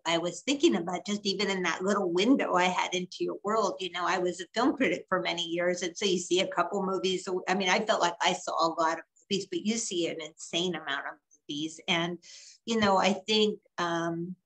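A woman's voice: on the low side, fairly bright tone, rough recording. Thoughtful older woman asking questions. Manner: thoughtful, meandering questions with pauses. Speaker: interviewer. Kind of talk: conversational interview.

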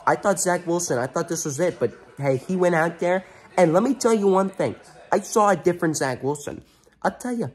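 A man's voice: sits high, a little fast, a little mellow, husky. A man hosting his own sports fan channel, ranting angrily after a game and repeating himself for emphasis. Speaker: sports fan vlog host.

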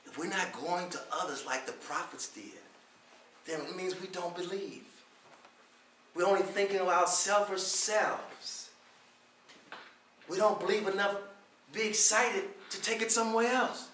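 Male preacher, Friday sermon, fervent with rhetorical questions, high voice, recorded from afar in a reverberant hall. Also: steady tone, a little slow, long pauses, a little hiss or hum. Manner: impassioned, rhetorical questions, swells to near-shouts. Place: prayer hall. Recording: echoey room, voice from far off.

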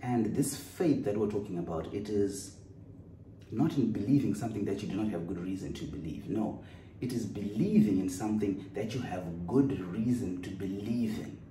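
Mellow-voiced preacher in an echoey room. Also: male voice, fairly low pitch, normal speed. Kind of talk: sermon. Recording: roomy echo, distant mic, faint noise.

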